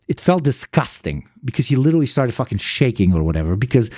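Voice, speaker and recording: A man's voice: mid-range voice, fast talker, few pauses, no room sound, studio quality. A young man hosting a livestream, telling a rambling story in casual chat and swearing freely. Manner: profane, rambling, animated storytelling.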